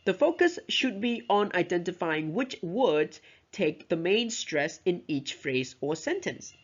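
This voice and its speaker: A woman's voice: on the low side, sing-song, unhurried. A woman giving a recorded lecture on teaching pronunciation, explaining step by step and often checking in with "right?" and "you know". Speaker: teacher trainer. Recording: dull lo-fi recording.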